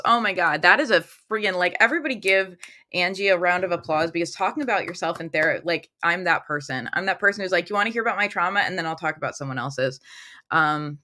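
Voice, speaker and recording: A woman's voice: on the low side, fast talker, pushed and bright. A woman hosting a casual tarot livestream from a room at home, talking into her phone, chatty and upbeat as she reads viewer comments aloud.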